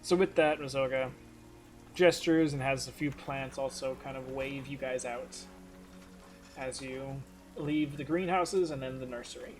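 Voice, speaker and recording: A man's voice: mid-range voice, unhurried, faint music behind. A man narrating as game master, casual and rambling, swearing freely.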